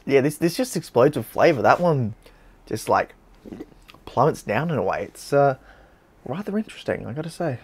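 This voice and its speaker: A man's voice: mid-range voice, sing-song, moderate pace, long pauses, a little mellow, slightly rough. An Australian man hosting a casual beer-tasting vlog, chatty and blunt, with slang and swearing.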